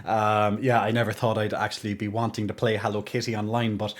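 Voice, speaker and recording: A man's voice: fairly low pitch, fairly quick, few pauses. A young man live-streaming at his gaming desk, chatting casually with viewers. He rambles and often restarts his sentences. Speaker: game streamer.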